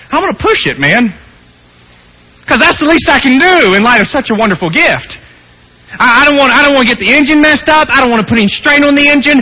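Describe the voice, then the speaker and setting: A man's voice: extremely high pitch, bright, forceful tone, voice pushed up, full character voice, low-quality recording. A man voicing a stubborn, self-righteous man who insists on doing everything himself. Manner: insistent, earnestly self-justifying.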